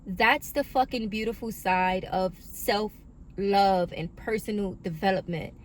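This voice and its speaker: A woman delivers a spiritual oracle reading into her phone. She is emphatic and affirming and swears casually, at a middling pitch with a faint hum of room noise behind her. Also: a little slow. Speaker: oracle card reader.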